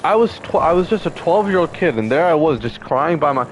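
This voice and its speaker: Young man in his 20s, upset and heated, swears a lot, voice a bit high and swinging widely, faint traffic behind. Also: animated, brisk, few pauses, rough recording. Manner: heated, profane, repetitive fillers. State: upset, close to tears. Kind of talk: emotional personal storytelling.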